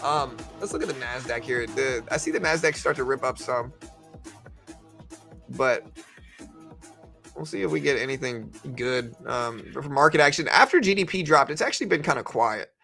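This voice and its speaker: Gravelly-voiced man streaming trades. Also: medium pitch, lively intonation, moderate pace, sharp tone, faint music behind. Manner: rambling, conversational, full of fillers. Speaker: live trading streamer. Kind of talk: casual live-stream commentary.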